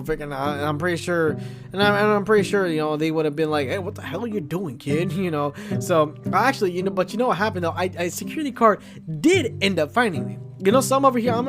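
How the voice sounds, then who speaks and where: A young man hosting a podcast, telling a comedic story in a rambling way full of restarts. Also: fairly high pitch. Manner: rambling, many restarts and fillers. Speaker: podcast host. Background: music.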